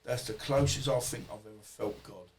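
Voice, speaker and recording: A man's voice: medium pitch, normal speed, slight background noise. A man, a podcast guest, telling stories in a rambling, colloquial way and swearing freely. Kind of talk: casual storytelling interview.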